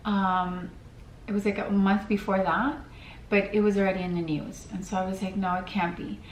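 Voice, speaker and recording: A woman's voice: mid-range voice, flat delivery, normal speed, a little hiss or hum. A woman in her thirties telling a personal story on her vlog in an earnest, heartfelt way. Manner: earnest, heartfelt, emotional at times. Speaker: vlogger. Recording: echoey room, mic at a distance.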